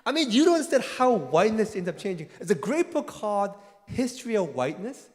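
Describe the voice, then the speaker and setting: A man answering an audience question at a church forum, animated, laughing often and tagging points with "right?". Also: sits high, fast, big-room sound. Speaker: guest speaker, theologian.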